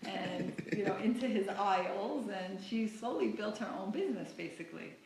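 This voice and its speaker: A woman's voice: medium pitch, lively intonation, moderate pace, a little mellow. A middle-aged woman from New York, a cake shop owner, telling her story in a chatty interview with lots of fillers. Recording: echoey room, faint noise.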